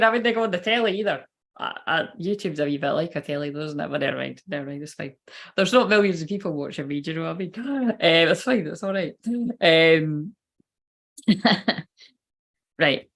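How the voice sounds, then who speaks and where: Woman, tarot reader, rambling casual chat, swears, tired and unwell, mid pitch. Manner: chatty, swearing, rambling asides. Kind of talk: casual livestream card reading.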